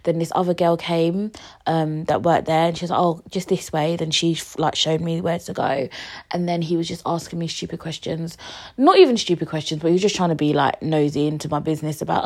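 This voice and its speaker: A woman's voice: lowish voice, a little fast. A woman, a podcast host telling a story in casual, slangy talk and acting out what people said. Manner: animated, slangy, acts out conversations.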